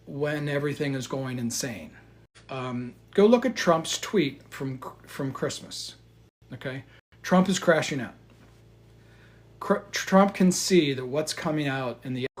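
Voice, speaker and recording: Heated, profane male market commentator. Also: mid-range voice. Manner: heated, profane, swings between loud outbursts and quiet asides. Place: indoors in front of a chart.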